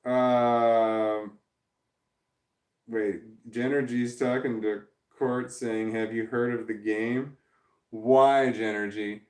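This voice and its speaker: A man's voice: medium pitch, level tone, takes it slowly, darkish tone. Rambling man live-streaming in an echoey room. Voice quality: voice cracks when tired. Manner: rambling, reads chat messages aloud and laughs often. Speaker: live-stream host reading chat. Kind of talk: casual live-stream chat. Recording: echoey room, distant from the mic.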